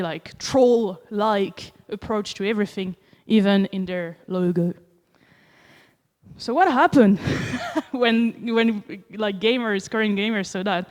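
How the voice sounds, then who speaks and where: A woman from France with a French accent, giving a conference talk, animated and acting out quoted reactions with many fillers. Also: medium pitch, in a large hall. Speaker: conference speaker. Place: conference hall.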